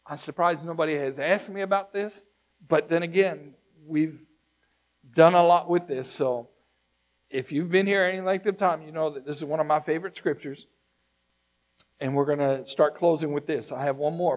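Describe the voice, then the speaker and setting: Male pastor with a high voice, conversational sermon, builds to loud emphasis then drops hushed. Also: normal speed, long pauses.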